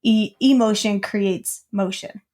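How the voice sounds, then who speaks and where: A woman's voice: medium pitch, steady tone, slow pace, a little mellow. Young woman, podcast co-host, casual chat, storytelling, lots of "like". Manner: storytelling, many fillers like "like".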